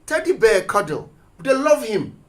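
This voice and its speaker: A man's voice: very high-pitched, unhurried. A man, a teacher and guest, talking on a radio show and telling school stories with quoted voices. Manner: animated storyteller, acts out quotes. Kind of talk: radio discussion. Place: radio studio.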